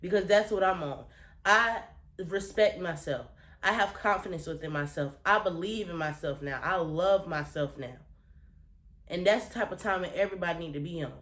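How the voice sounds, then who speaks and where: A woman's voice: on the low side, normal speed, fairly bright tone, roomy sound. A woman vlogger giving a blunt, profane, heartfelt motivational talk to her viewers, earnest and close to tears. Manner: emphatic, blunt and profane, repeating phrases for weight; earnest and emotional, holding back tears.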